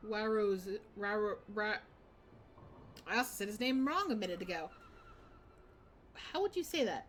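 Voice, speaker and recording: A woman's voice: medium pitch, animated, measured pace, fairly bright tone, slight background noise. A woman streamer casually commenting on a game, chatty and laughing, often stopping herself mid-sentence. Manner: chatty, laughing, self-interrupting. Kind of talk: casual let's-play commentary.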